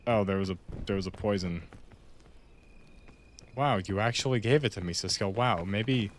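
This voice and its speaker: A man's voice: lowish voice, moderate pace, slight background noise. A man giving casual, joking gameplay commentary to a friend, making mock-dramatic complaints. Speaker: video game player.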